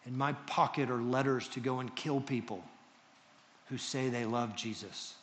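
A male pastor preaching a sermon to a congregation, moving between loud emphasis and hushed tones. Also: medium pitch, unhurried, big-room sound, slight background noise. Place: church hall with congregation.

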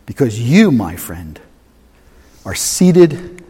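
Animated preacher in a reverberant hall. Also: male voice, mid-range voice, very slow, slightly rough. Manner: animated, emphatic, swings from loud to soft. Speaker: pastor. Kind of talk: sermon.

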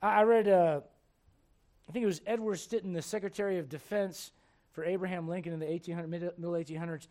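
In church, a male preacher rouses his congregation with a sermon, often asking them questions. He is a fast talker with fairly even intonation, and his voice sits high with a darkish tone.

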